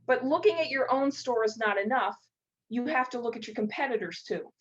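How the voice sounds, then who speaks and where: A woman's voice: a little high, lively intonation, fairly quick, dull audio. A woman presenting retail strategies at a speaker showcase, telling stories with playful asides.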